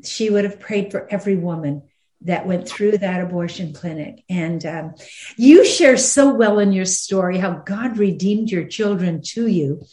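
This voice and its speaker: A woman hosting an interview, talking earnestly and with emphasis, slowing down on heavy points. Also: mid-range voice, mellow. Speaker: host. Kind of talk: conversational interview. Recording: roomy echo.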